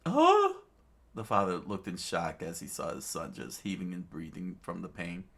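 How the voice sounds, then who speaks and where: A man narrating a manga aloud, halting and restarting often. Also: low-pitched, fairly even intonation, creaky, fairly bright tone. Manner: halting, many fillers and restarts. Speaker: reader, narrator. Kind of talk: unscripted manga read-aloud.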